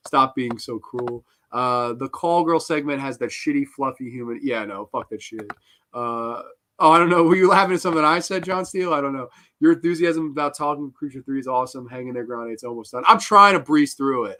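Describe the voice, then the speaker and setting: A man's voice: medium pitch, normal speed, bright, forceful tone. A man hosts a live horror review stream and rants about a film he hates. He swears freely, sounds exasperated, and stumbles through restarts and fillers. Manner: ranting, profane, exasperated. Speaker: host.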